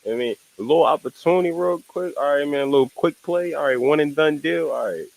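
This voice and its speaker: A man's voice: on the high side, fast, vocal fry, rough recording. A young man streaming casual reaction commentary, rambling in slang, repeating "you know what I'm saying" and laughing at asides.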